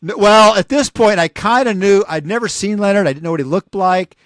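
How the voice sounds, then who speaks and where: Casting: man in his 60s, fairly high voice, dry close sound, animated rambling storyteller. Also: fairly quick, no room sound. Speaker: podcast co-host. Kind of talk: casual storytelling.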